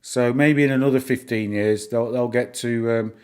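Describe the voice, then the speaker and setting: A middle-aged man chatting through a live stream at a mid-range pitch. He rambles from point to point in a casual, easygoing way, often amused by his own asides. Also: fairly even intonation, normal speed, a little mellow, clean tone. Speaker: stock-market live streamer.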